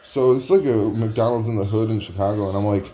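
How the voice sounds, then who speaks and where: A man's voice: on the low side, brisk, warm tone. A man telling a comic story in a rambling, profane way, full of "like" fillers.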